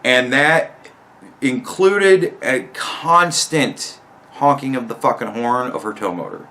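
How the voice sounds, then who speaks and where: A man's voice: medium pitch, expressive, takes it slowly, pushed and bright. A young man telling a long, rambling story about a coworker in a profane, exasperated way. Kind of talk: casual storytelling rant.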